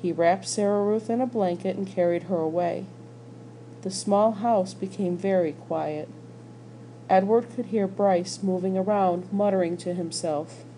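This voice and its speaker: Slow, mellow-voiced woman reading a story. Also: medium pitch, a little hiss or hum, low-quality recording. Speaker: school staff reader. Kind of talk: audiobook reading of a children's novel.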